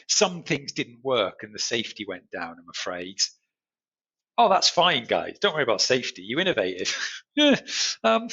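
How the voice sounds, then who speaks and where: A man casually reviewing a care regulator's new strategy in a chatty, wry way, full of jokey asides and a husky edge. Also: lowish voice, pushed and bright, lo-fi sound. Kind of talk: casual solo video commentary.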